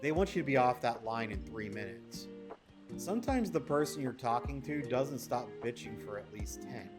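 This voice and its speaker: A man's voice: mid-range voice, lively intonation, normal speed, music in the background. A man streaming a video game, telling a story in casual, rambling chat with frequent swearing and restarts. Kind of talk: casual chat while gaming.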